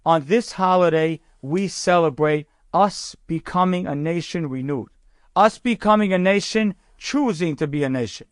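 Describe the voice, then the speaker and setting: A man, a rabbi, telling a story in a sermon with a conversational, animated manner. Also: fairly high pitch, normal speed, clear, resonant tone, dry recording, clean studio sound.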